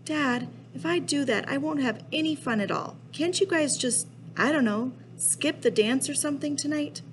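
A woman's voice: high-pitched, moderate pace, slight background noise, pitched above the performer's own voice, natural voice. A woman reading aloud voicing an upset schoolboy who protests and pleads with his father. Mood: pleading.

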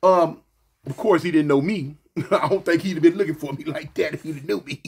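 Male storyteller, casual and slangy, husky voice pitched high, animated delivery. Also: a little fast. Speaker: storyteller recounting his past.

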